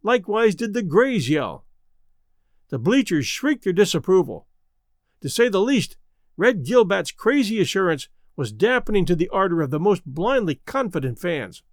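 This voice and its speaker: Male narrator, high and animated, dry close sound, expressive storybook reading. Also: moderate pace, no room sound. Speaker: audiobook narrator.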